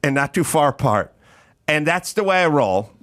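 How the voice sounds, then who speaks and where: Animated, lively-voiced man telling a story. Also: on the high side, normal speed. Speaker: podcast host. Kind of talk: casual comedic chat.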